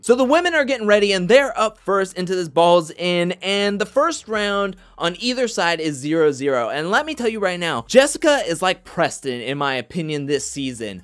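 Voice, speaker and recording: High-pitched guy doing a chatty tv recap, animated and talky. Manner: chatty, animated, quotes others in mock voices. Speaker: reality TV recap host. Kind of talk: casual recap commentary.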